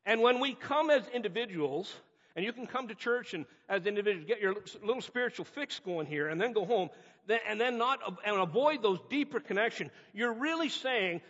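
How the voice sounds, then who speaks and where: Preacher, male, high and husky, earnest emphatic delivery; dull recording with long church reverb. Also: lively intonation, a little fast, a bit bright. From North America. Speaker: pastor. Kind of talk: sermon.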